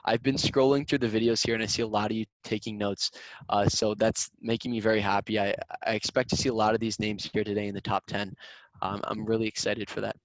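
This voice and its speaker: A man's voice: on the low side, little pitch movement, fast, no echo, poor audio. A young man coaching students on a video call in an upbeat, casual way, often repeating words as he talks. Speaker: student sales competition coach.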